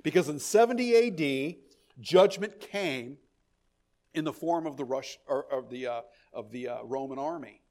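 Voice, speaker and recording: A man preaching a verse-by-verse sermon, his voice sitting a little high for a man. He talks with animated emphasis, often stumbling over repeated words before pressing on. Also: moderate pace. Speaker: pastor. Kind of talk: expository sermon.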